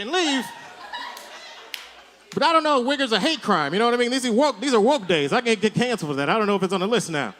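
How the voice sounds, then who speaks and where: A man's voice: very high-pitched, animated, quick pace, a bit bright. A male stand-up comedian doing a rambling set on a comedy club stage, speaking into a handheld mic and checking in with "right?" again and again.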